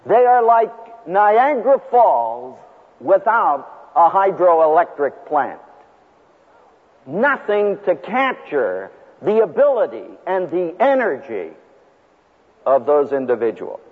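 A man lectures as a seminary professor, punching single words and leaving long pauses. His voice sits fairly high and swings widely in pitch, with a husky edge. The recording is thin and lo-fi, with long reverb from a large hall. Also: huge pitch swings.

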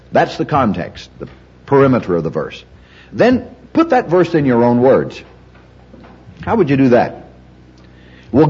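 A man's voice: mid-range voice, a little mellow, breathy edge. A man preaching a teaching sermon on Bible study, emphatic and repetitive, shifting the stress from word to word. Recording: dull lo-fi recording.

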